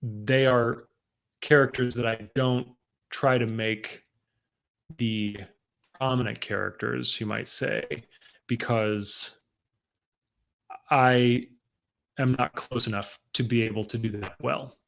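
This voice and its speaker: A man's voice: medium pitch, steady tone, takes it slowly, creaky, long pauses, a bit bright. A man speaking as a guest in a casual discussion, earnest and emphatic.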